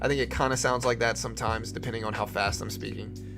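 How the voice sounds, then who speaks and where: Young male stream host, light Louisiana accent, raspy fry, easygoing and chatty. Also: mid-range voice, fast, over music. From Louisiana, USA. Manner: relaxed, conversational, answers chat questions. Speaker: livestream trading host. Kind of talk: casual live-stream commentary.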